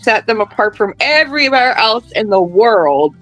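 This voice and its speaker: A woman's voice: on the high side, very animated, normal speed, a bit bright, soft background music, low-quality recording. A chatty woman in casual conversation on a podcast who laughs easily and tells anecdotes. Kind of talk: casual chat.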